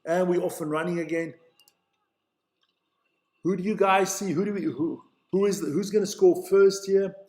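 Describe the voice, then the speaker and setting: In an echoey room, a Swiss streamer gives excitable, chatty live commentary on the play, fumbling player names and reading the chat aloud. His high-pitched voice moves at normal speed with frequent pauses.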